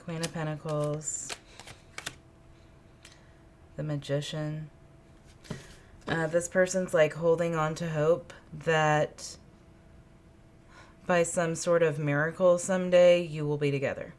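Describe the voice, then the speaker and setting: A woman's voice: low voice, flat delivery, slow, long pauses, darkish tone, slight background noise. A woman doing an intuitive tarot reading, musing aloud, repeating her phrases and asking spirit questions as she pulls cards. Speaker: tarot reader. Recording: card shuffling clicks in background.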